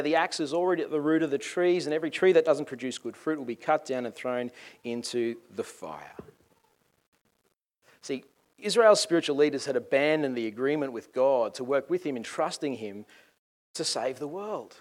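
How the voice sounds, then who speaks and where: A man preaching a sermon in a lively, conversational and joking way. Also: mid-range voice, normal speed.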